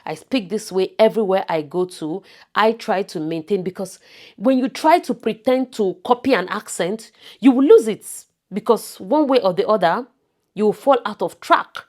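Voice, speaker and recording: A woman's voice: mid-range voice, normal speed, a little mellow. A woman from Nigeria with a Nigerian accent, talking casually to camera in a vlog and stressing her points with repetition. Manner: emphatic, repeats words for stress. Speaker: vlogger.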